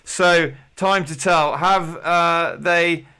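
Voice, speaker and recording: Jokey quiz host, higher voice. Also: male voice, steady tone, very slow, bright, forceful tone, clear, resonant tone. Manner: jokey, rambling, playful showman. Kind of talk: comic game-show host patter.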